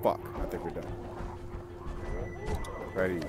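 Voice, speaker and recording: A man streaming a video game, giving blunt, profane, excitable play-by-play commentary. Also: sits low, takes it slowly. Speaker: gaming streamer. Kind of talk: casual let's-play commentary. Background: game music.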